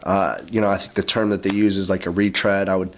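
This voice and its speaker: Casting: man, low-pitched, relaxed podcast guest, animated storyteller who does quick voices for people he quotes. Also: a little hiss or hum. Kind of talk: casual storytelling.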